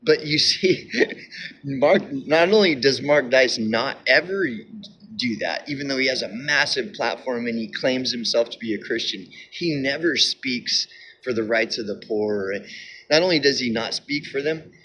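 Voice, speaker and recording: Guy ranting casually, keeps repeating himself, bright edgy tone, bit of hiss in the back. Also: medium pitch. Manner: repetitive, halting with restarts and fillers; insistent, emphatic. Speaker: video commentator. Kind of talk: casual monologue.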